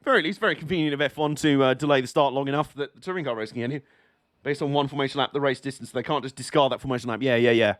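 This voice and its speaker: A man streaming a live watch-along of a motor race, excitable and sweary, laughing often as he reacts. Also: mid-range voice, rapid-fire, no echo, studio quality.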